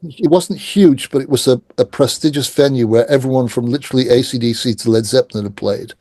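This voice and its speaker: A middle-aged man telling stories in a casual interview, animated and acting out the voices of people he quotes. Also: mid-range voice, a little fast. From England. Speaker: guest.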